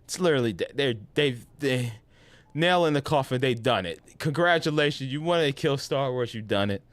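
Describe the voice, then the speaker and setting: A man's voice: mid-range voice, moderate pace, dry recording. A young man streaming a game while ranting casually and with exasperation, often restarting his sentences and laughing. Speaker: gaming streamer. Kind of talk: casual live-stream rant.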